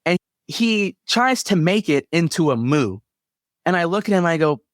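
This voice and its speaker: A young man from Kansas telling a camping story in a casual, animated way, laughing now and then and quoting himself. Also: a little high, normal speed, no echo, clean studio sound. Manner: animated, laughs between lines, quotes himself. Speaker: guest telling an encounter story.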